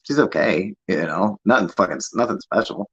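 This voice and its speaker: Husky low-voiced man, profane stream rant. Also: lively intonation, normal speed, a bit bright, highs cut off. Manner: profane, rambling, laughing. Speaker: livestream host. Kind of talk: casual livestream chat.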